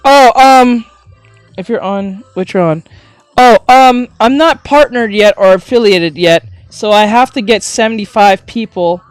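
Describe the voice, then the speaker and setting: A woman art teacher chatting casually on a livestream while drawing, gushing with thanks and breaking into excited shouts. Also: fairly high pitch, measured pace, clear, resonant tone, no room sound. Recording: faint music behind.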